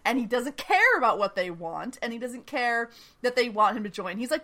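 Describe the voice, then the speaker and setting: Bright-toned woman host, loose and chatty, gushing through an episode recap. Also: fairly high pitch, lively intonation, moderate pace, a little hiss or hum. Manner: chatty and enthusiastic, often laughing, filler-heavy. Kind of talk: casual chat.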